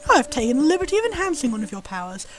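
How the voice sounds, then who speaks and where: A woman's voice: sits high, very animated, very fast, over music. A British woman voicing a courteous, formal old male monster butler in a video game, with prim, old-fashioned wording. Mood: polite, formal.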